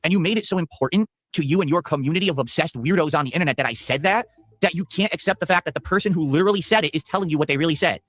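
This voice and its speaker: A man's voice: fairly high pitch, racing, a bit bright. A man streamer ranting defensively and indignantly about how his words were misheard. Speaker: gaming streamer. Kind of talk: exasperated rant.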